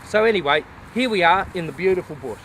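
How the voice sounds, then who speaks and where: A man's voice: sits high, expressive, fast talker, a bit bright, a little hiss or hum. An Australian man rambling in a casual outdoor vlog, with folksy bush slang. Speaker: vlogger.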